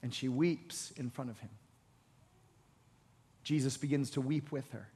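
A man preaching a sermon, retelling a Bible story with voiced lines and building to loud, shouted exhortation. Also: medium pitch, measured pace, breathy edge. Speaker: pastor. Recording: long hall reverb.

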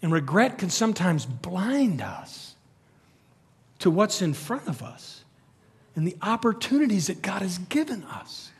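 A middle-aged man preaching a sermon, telling stories with animated energy that climbs to near-shouts. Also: high-pitched, unhurried, husky. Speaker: pastor. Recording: long reverb of a large hall.

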